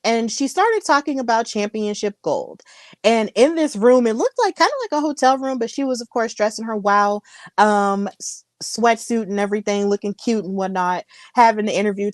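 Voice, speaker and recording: A woman's voice: mid-range voice, moderate pace, no echo, clean studio sound. A woman hosting a casual wrestling recap chat, telling the story in a gushing, emotional way. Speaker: host.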